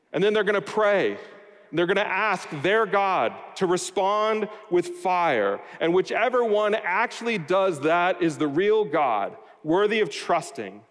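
Preaching man in a reverberant hall. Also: high-pitched. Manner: expository preaching, explaining scripture with wry asides. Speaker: pastor. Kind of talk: sermon.

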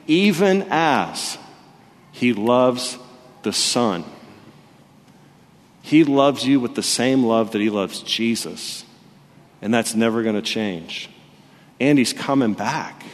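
A young man preaching a sermon, telling stories with animated energy that rises loud and high when he gets excited. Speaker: pastor. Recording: long reverb of a hall.

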